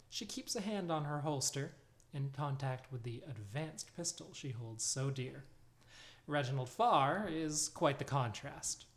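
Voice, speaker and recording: A man narrating as game master of a tabletop game, describing scenes in a relaxed storytelling way. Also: medium pitch.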